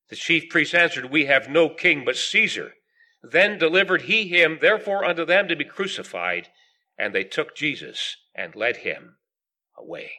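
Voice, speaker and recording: A man's voice: fairly high pitch, sharp tone. A man preaching a sermon to a gathered audience, reading long King James scripture passages aloud with rising emphasis on the questions.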